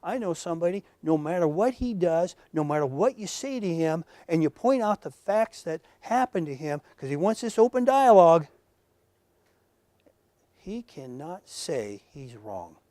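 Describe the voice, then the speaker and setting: A man lectures to a live audience in a room, talking plainly and earnestly. He tells personal stories and swings from near-whispers to loud punchlines, in a voice a little higher than most men's. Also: very animated, a little slow, dry recording. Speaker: lecturer at professional workshop. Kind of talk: conversational lecture.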